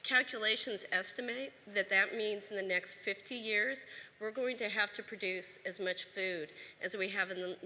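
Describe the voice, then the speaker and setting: A woman's voice: medium pitch, moderate pace, sharp tone. A woman speaking as a state agriculture official at a conference, earnest and emphatic, with a few restarts. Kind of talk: conference speech. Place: conference stage in a large hall. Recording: long hall reverb.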